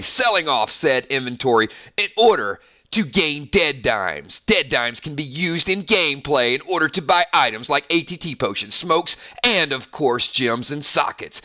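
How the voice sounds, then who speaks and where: A man voicing a slick male infomercial announcer with a slow, drawn-out pitchman delivery. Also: pushed and bright.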